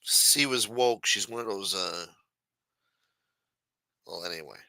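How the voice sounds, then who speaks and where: A brash man runs a loose livestream, full of profanity and mockery. His voice is bright and forceful, and the recording is close and dry. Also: sits low, takes it slowly, gravelly, no echo, rough recording. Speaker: livestream host. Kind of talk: casual news commentary on a stream. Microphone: streaming mic.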